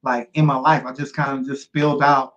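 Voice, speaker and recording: A man's voice: mid-range voice, flat delivery, fairly quick, fairly bright tone, lo-fi sound. A middle-aged man speaking as an interview guest, sharing a personal story earnestly and repeating key phrases for weight.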